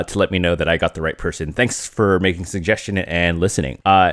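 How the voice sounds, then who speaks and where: A man co-hosting a casual card-game podcast, talking hesitantly with fillers and quick giggles. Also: low-pitched, no echo, studio quality. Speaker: podcast co-host.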